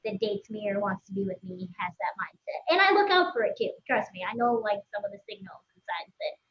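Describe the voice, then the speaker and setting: A woman's voice: medium pitch, big pitch swings, a little fast, reverberant, muffled recording. A woman with a Minnesotan accent, a guest on a live show, chatting candidly with lots of giggles and swearing. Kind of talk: casual live-stream chat. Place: by a pool.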